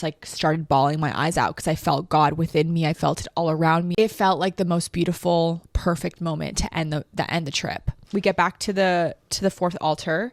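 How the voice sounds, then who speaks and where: A woman's voice: sits low, no echo, studio quality. A woman hosting a podcast, telling a personal story in an emotional, reflective way with lots of "like". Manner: emotional, reflective, heavy use of "like". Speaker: podcast host.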